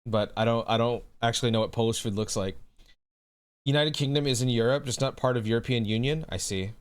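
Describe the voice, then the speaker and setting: A man's voice: mid-range voice, fairly quick. A young man, a streamer chatting casually and reading chat aloud, loose and laughing, swearing freely. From United States.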